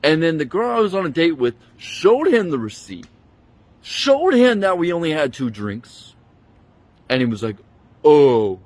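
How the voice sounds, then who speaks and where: A man's voice: fairly high pitch, very animated, normal speed, no room sound. A man angrily retelling a bad experience in a profane, indignant rant, talking into a handheld phone he keeps switching between hands. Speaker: vlogger. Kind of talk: angry storytime rant.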